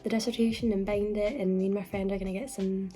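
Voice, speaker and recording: A woman's voice: medium pitch, steady tone, quick pace, dark tone, soft background music. A woman in her twenties vlogging in a chatty, emotional way, often saying "like". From Scotland. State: hoarse from illness. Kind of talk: casual vlog chat.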